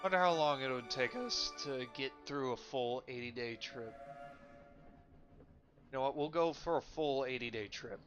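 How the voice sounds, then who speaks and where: A man's voice: medium pitch, moderate pace, a bit bright, highs cut off, faint music behind. Chatty self-deprecating male streamer. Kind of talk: casual commentary while gaming.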